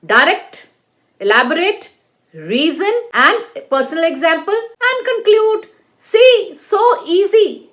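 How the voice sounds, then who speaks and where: A woman teaching an online English speaking-test lesson, stressing key words with a deliberate, sing-song delivery and direct appeals to viewers. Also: sits high, fairly bright tone. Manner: slow, repetitive phrasing with direct appeals to viewers.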